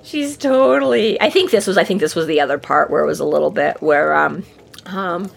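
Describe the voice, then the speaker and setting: A woman's voice: on the low side, expressive, brisk, vocal fry, slightly rough. Swearing, rambling woman podcast host. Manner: swears freely and acts out characters' lines; rambling, with many fillers and restarts. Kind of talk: casual book discussion chat.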